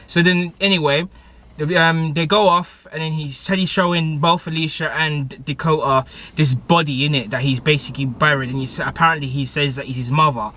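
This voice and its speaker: A young man recaps a TV episode in an excitable, slang-heavy way, stumbling through fillers and restarts. His voice sits a little high and has a bright, forceful edge. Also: fairly quick. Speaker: TV show reviewer.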